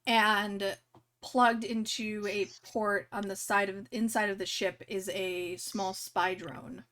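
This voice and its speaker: A woman's voice: medium pitch, little pitch movement, slow, fairly bright tone. A young woman running a tabletop game on a live stream, rambling with many fillers and restarts. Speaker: game master.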